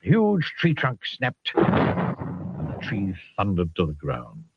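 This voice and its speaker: A man reading a children's picture book aloud with a very expressive, swooping delivery. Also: low voice, slow, gravelly, noisy background. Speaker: storyteller. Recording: dull lo-fi sound.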